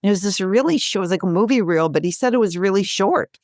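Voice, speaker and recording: A woman in her sixties, a guest author and speaker, telling stories in an interview with lively, laughing delivery. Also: quick pace, no room sound, studio quality. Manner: animated, acts out quotes with bright pitch jumps, laughs often. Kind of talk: conversational storytelling.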